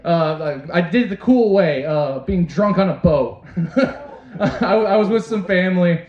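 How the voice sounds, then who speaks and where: A man's voice: sits high, animated, a little slow. A young man doing a stand-up comedy set on a club stage, crude and self-deprecating, talking straight to the crowd. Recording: roomy, dull club recording. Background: audience laughter.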